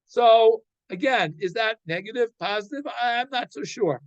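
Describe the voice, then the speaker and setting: A man's voice: very high voice, normal speed, dry recording, lo-fi sound. A man giving a weekly Torah class, translating Hebrew verses line by line and explaining them. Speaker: Torah teacher.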